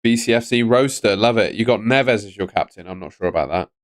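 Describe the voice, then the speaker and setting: In a lowish voice and a little fast, the young man keeps his fantasy football live stream chatty, reading viewers' messages aloud and responding in casual commentary. Recorded on a studio microphone on a stand, the sound is dry and studio quality.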